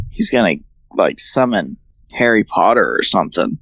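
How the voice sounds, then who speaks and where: A man co-hosting a casual podcast chat, animated and quick to act out quotes in silly voices. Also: fairly low pitch, breathy edge, no echo, poor audio. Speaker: podcast co-host.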